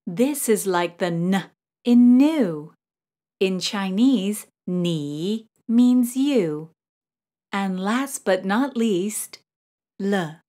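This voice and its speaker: A young woman giving a scripted pronunciation lesson, drawing out each model syllable slowly and carefully. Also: medium pitch, darkish tone. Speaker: pronunciation teacher.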